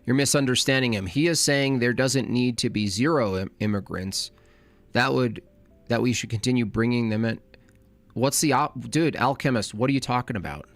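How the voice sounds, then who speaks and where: A man's voice: medium pitch, normal speed, no room sound. A man reacting to a clip, ranting with sarcastic questions. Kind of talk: casual reaction commentary.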